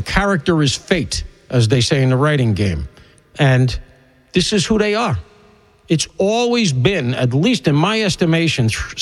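A male talk radio host with a fairly high voice that swings from sharp emphatic jabs to low, drawn-out asides. He rambles and digresses in an opinionated monologue, leaning hard on short punchy lines. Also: creaky, poor audio.

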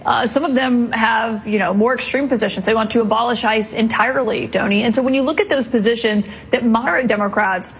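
A woman's voice: a little high, fairly quick, few pauses, slight background noise, rough recording. Polished female TV news anchor. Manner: polished, questioning. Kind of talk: TV news interview.

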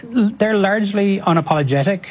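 A man's voice: high voice, lively intonation, normal speed, breathy edge. A man, a TV news reporter, answering an anchor's questions hesitantly with many fillers. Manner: hesitant, many "um"s and "you know"s.

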